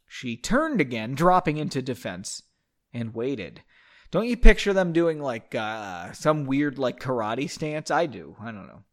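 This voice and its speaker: A man's voice: medium pitch, big pitch swings, unhurried. A man hosting a podcast, reading fan fiction aloud with sarcastic, profane asides. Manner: sarcastic, swears, breaks off with jokes. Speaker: podcast host.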